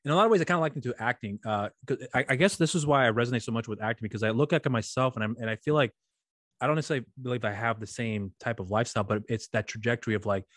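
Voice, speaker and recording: Fast-talking man in his thirties. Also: mid-range voice, fairly bright tone, no room sound, studio quality. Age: 30s. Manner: rambling, many restarts, cheerful storytelling. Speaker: podcast host. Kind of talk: casual interview chat.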